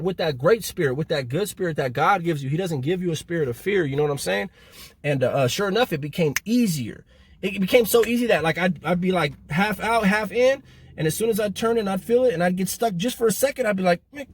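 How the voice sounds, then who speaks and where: Man, husky voice, slightly high pitch, middle-aged, street slang, casual storytelling. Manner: street slang, loose and repetitive, animated when reenacting. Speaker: channel host telling prison stories.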